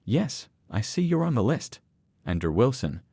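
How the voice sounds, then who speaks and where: A man doing a flustered, hesitant female receptionist in a storybook reading, a touch higher than his narration. Lively pitch, dry close sound. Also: moderate pace, creaky, husky, no echo, full character voice.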